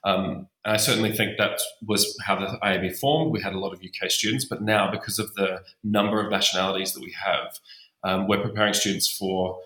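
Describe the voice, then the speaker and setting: Bright-voiced man, echoey room. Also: low voice, steady tone, a little fast. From Australia. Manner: thoughtful, hesitant with many ums. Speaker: musical theatre program head. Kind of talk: podcast interview.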